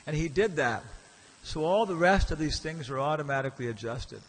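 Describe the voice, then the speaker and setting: A man's voice: on the high side, expressive, brisk. A man giving a casual, storytelling lecture in a temple hall, acting out the characters he quotes and asking the audience questions. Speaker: visiting lecturer.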